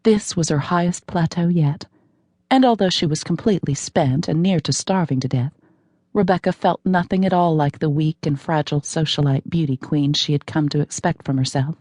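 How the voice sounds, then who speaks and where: A woman narrating a novel with wry, measured scripted narration on a close studio microphone. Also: sits low, darkish tone, dry recording. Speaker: audiobook narrator.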